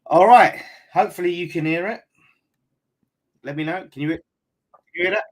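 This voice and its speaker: A man's voice: high-pitched, normal speed. A man hosting a live-streamed football fan chat, talking casually and swearing freely. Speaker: fan channel host.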